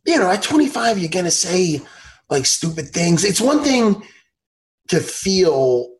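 A man hosting a podcast in casual chat, excitable and animated, laughing often and acting out what others said. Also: high-pitched, a little slow. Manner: animated, excitable, laughs a lot, acts out impressions loudly. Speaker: podcast host.

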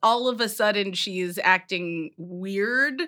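A woman's voice: medium pitch, slow pace, bright, forceful tone. A woman co-hosting a podcast, talking casually and laughing easily, with lots of "like" and "you know.". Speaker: podcast co-host. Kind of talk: casual chat.

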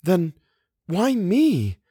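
Male reader playing a jittery, high-strung young woman, raised pitched voice, dry sound. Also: wildly swooping pitch, very slow, mellow, husky, no echo, full character voice. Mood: pleading. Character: anxious, frightened young woman.

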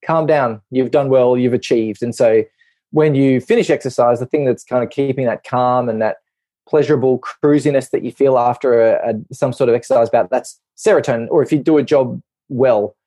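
A man, a doctor guest on a podcast, explaining a topic in lively talk and acting out quick little voices in his examples. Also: mid-range voice, no room sound.

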